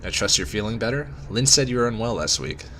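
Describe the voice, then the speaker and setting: A man voicing a suave, wealthy young businessman who speaks smoothly and with command. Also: fairly low pitch, lively intonation, fast, pushed and bright, slight background noise, pitched above the performer's own voice. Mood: courteous.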